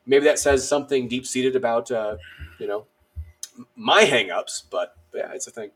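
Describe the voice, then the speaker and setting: Animated man telling a war story. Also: mid-range voice, normal speed. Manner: animated, self-deprecating, many fillers. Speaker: podcast guest. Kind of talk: casual storytelling.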